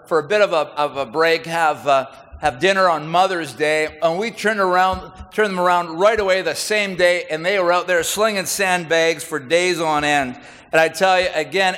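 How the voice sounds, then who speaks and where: A man's voice: high voice, fairly bright tone. A middle-aged man, a senior military leader giving a folksy, conversational speech to an audience. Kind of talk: public speech with anecdotes. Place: large hall with audience. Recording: reverberant hall.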